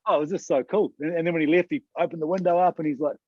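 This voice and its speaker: Fast-talking man telling stories. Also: a little high, no room sound, dull audio. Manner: animated storyteller who acts out other people's lines. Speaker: podcast co-host. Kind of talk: casual podcast storytelling.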